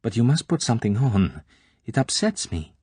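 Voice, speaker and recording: A man's voice: medium pitch, big pitch swings, moderate pace, darkish tone, breathy edge, no echo, pitched above the performer's own voice. A man voicing a teasing, shy young Russian woman with a slight Russian accent, in an audiobook reading. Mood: coy teasing. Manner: coy, playful, prim.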